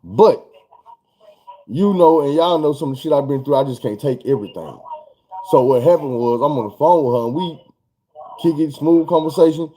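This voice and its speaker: Animated profane man telling a story. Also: on the high side, moderate pace, pauses often. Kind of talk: casual storytelling vlog.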